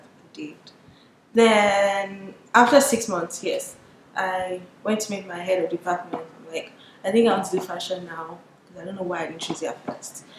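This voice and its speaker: Lively young woman, roomy sound. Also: medium pitch, a little hiss or hum. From Nigeria. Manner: lively storyteller who acts out what people said. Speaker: business owner and surface pattern designer. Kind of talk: storytelling to camera.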